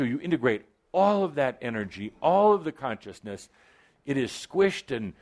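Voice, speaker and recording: Guy doing a channeled spiritual talk to a live crowd, teasing and theatrical, voice bouncing up and down a lot, mid pitch. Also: darkish tone. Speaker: spiritual teacher addressing a live group.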